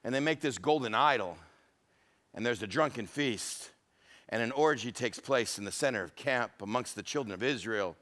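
A man's voice: mid-range voice, animated, moderate pace, a bit bright. A male pastor preaching a humorous, storytelling sermon.

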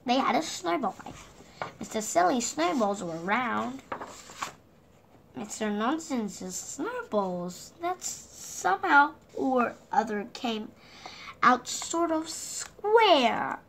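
A woman reads a picture book aloud to young children, taking her time over every phrase. Her somewhat high voice rises and falls with lots of expression. She keeps turning to the listener with playful questions. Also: sing-song, slow, gravelly, fairly bright tone, slight background noise. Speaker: children's story reader.

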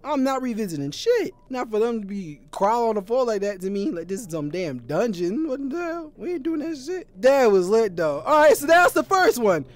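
A man streaming a horror game, reacting with loud, profane shouts and casual banter. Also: very high-pitched, big pitch swings, moderate pace, few pauses. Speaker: gaming streamer. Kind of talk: gaming reaction commentary.

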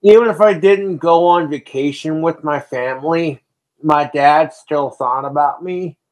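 On a livestream, a man with a slightly high voice rants at a measured pace, swearing heavily. He drinks alcohol as he talks.

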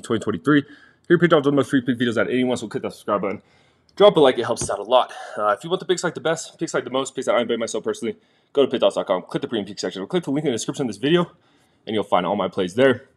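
A young man hosting a casual sports betting picks vlog from a quiet room in a busy house, chatty and talking straight to viewers. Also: medium pitch, lively intonation, racing, breathy edge. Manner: chatty, restarts sentences, addresses viewers directly.

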